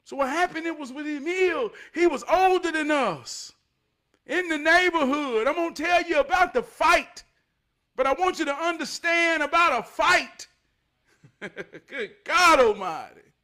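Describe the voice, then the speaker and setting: A man in his forties telling a neighborhood story from his youth, animated, swinging from loud bursts down to a hush. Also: very high-pitched, normal speed. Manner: animated, loud bursts, drops to hushed tones. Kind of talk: casual storytelling vlog.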